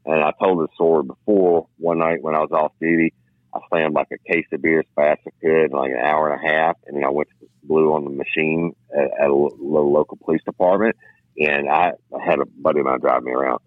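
A man's voice: rumbling low, fairly even intonation, brisk, no room sound. A man, a former police officer co-hosting a crime news show, reading a story aloud and then telling blunt personal stories in casual chat. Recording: tinny phone-like line, dry.

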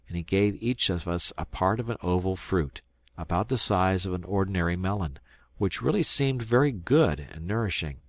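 Deep-voiced male audiobook narrator. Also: lively intonation, no room sound. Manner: measured, storytelling. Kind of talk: scripted narration of a classic novel.

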